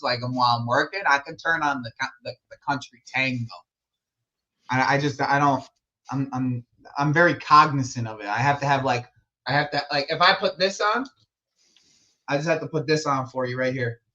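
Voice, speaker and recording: Lively slangy young man streaming football. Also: fairly high pitch, normal speed, lo-fi sound. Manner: animated, slangy, says "bro" a lot, laughs often. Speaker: streamer hosting a football watch-along. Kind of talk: casual live commentary chat.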